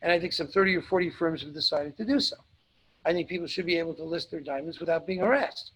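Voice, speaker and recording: A man's voice: a little high, quick pace, a bit bright, a little hiss or hum, low-quality recording. A man hosting a live webinar, answering audience questions in a blunt, emphatic way and repeating points for stress.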